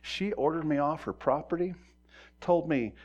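A middle-aged man preaching a sermon in a conversational way, acting out quoted voices and moving from quiet talk to loud emphasis. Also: on the high side, moderate pace, lo-fi sound. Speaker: pastor.

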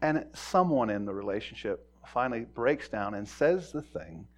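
A middle-aged man preaching a sermon in a conversational way, acting out quoted voices and moving from quiet talk to loud emphasis. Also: medium pitch, lively intonation, normal speed. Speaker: pastor.

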